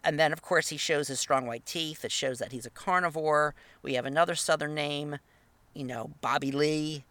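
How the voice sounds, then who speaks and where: Bright-voiced man lecturing on a story. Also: steady tone, normal speed, dry recording. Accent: Northern US. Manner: conversational, tag questions, reads quotes aloud with lifted pitch. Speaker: literature teacher. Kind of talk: lecture reading and analyzing a short story.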